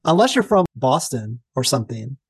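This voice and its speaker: A man co-hosting a podcast in casual chat, an animated storyteller who swears freely. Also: mid-range voice, normal speed, husky, no echo. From Texas. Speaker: podcast co-host.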